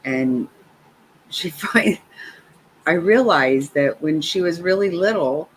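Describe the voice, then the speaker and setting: A woman's voice: fairly low pitch, slow pace, a little hiss or hum, low-quality recording. A middle-aged woman hosting a livestream, chatting casually and telling stories with lots of laughter. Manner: laughing, animated storytelling. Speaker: livestream host. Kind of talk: casual chat.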